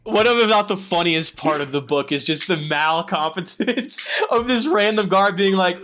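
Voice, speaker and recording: Dude hosting a book podcast, kinda high bright voice, swears constantly, jokey. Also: male voice, moderate pace, hardly any pauses. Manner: profane, jokey, acts out characters in quotes. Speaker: podcast host. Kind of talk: casual book chat.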